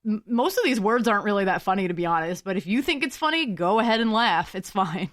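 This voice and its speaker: A woman's voice: medium pitch, expressive, fast, dry recording, clean studio sound. A young woman hosting a solo podcast, musing aloud in a chatty, giggly way. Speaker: podcast host.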